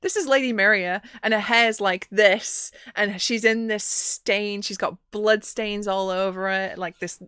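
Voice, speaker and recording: A woman's voice: medium pitch, clean tone, dry recording, studio quality. A woman game master casually recapping a session, animatedly acting out the characters. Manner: animated, acts out characters in quick voices.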